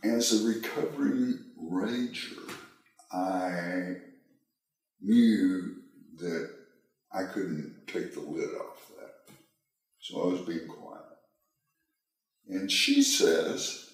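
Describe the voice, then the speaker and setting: A male author answering an interview question in a measured, self-examining way, telling a personal story, recorded in an echoey room with the mic far away. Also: low-pitched.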